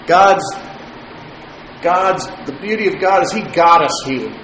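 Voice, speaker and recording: A man telling a personal story in a sermon, chatty and halting, chuckling often. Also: on the high side, a bit bright. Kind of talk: sermon testimony. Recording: roomy echo, faint noise.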